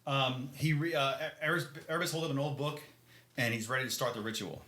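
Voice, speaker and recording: A man's voice: medium pitch, fast talker, pushed and bright. A man co-hosting a podcast, recapping a book in loose, rambling casual chat, swearing and laughing often. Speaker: podcast co-host. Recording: echoey room.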